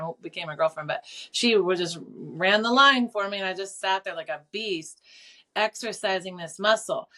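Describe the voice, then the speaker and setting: A middle-aged woman telling her story as an interview guest, animated and casual, with lots of fillers and free swearing. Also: lowish voice. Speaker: clairvoyant and teacher, guest.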